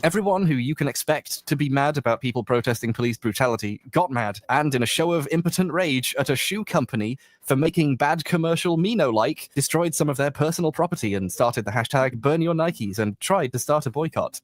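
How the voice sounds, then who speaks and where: A man's voice: mid-range voice, expressive, brisk, few pauses, no echo. A man reading a scripted video essay with sarcastic, wry asides.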